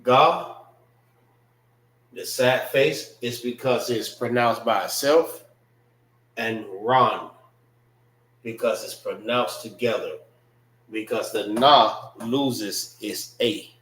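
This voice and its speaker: A man teaches a language class at an unhurried pace, breaking words into syllables and repeating them. He talks loosely and conversationally. His voice carries a roomy echo from the space he is in. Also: mid-range voice, a bit bright. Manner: slow, repetitive, drills pronunciation syllable by syllable; loose, conversational phrasing with frequent "know what I mean".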